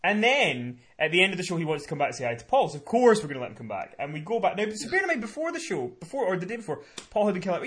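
A man's voice: high-pitched, very fast, hardly any pauses. A man co-hosting a podcast, telling a story in casual chat. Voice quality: chatty, animated storyteller. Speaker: podcast co-host and event promoter.

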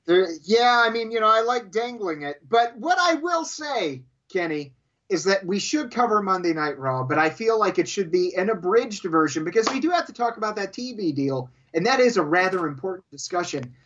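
A man's voice: high voice, big pitch swings, normal speed, fairly bright tone, lo-fi sound. A man co-hosting a casual podcast, teasing and mock-pompous, with a lot of swearing. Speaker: podcast co-host. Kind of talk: casual wrestling podcast chat.

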